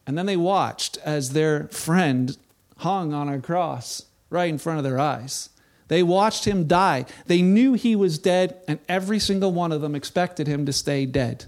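A man preaching a sermon, telling the story in a casual, animated way and acting out the people in it. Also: a little high, a little slow. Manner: animated storytelling, acts out quoted voices. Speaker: pastor.

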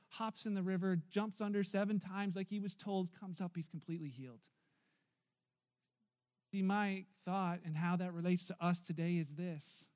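A man preaching a sermon as pastor, telling a story in an animated way and acting out the voices of its people. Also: sits high. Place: church.

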